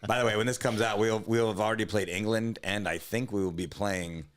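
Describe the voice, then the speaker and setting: A man's voice: fairly low pitch, steady tone, fairly quick. A man co-hosting a comedy podcast, chatting casually in a rambling, profane way that often trails off. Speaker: podcast co-host.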